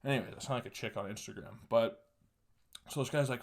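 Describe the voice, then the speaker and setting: A man's voice: medium pitch, fast. A young man in his twenties rambles through a crude personal story. He swears freely and often breaks into laughter, with a loose, casual delivery. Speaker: podcast host telling a story.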